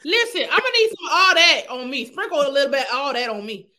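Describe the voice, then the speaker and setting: A woman's voice: sits high, sing-song, fast, sharp tone. A woman hosting a casual chat, reacting often with short affirmations. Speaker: host.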